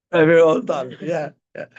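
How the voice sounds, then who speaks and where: A man's voice: a little high, darkish tone, lo-fi sound. A middle-aged man, a rabbi, teaching a parenting class in a casual, rambling way, often repeating himself and breaking off mid-sentence. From Israel-educated, speaks Hebrew. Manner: rambling, self-interrupting, repeats words.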